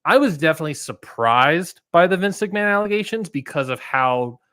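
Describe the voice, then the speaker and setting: Male podcast co-host, casual, full of fillers and restarts; higher voice, dry close mic. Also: lively intonation, a little fast, a bit bright, smooth, dry recording. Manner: rambling, many fillers and restarts. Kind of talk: casual chat.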